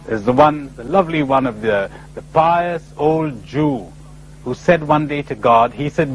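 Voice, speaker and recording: A man's voice: mid-range voice, takes it slowly, slight background noise, low-quality recording. A man giving a spiritual lecture full of stories, told in a playful, emphatic way. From India. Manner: animated storyteller, playful and emphatic. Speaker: spiritual speaker.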